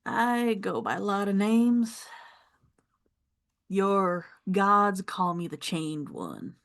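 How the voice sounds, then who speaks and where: A woman voicing a towering, gentle male demon musician, speaking slowly and softly. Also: medium pitch, animated, heavily acted. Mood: solemn.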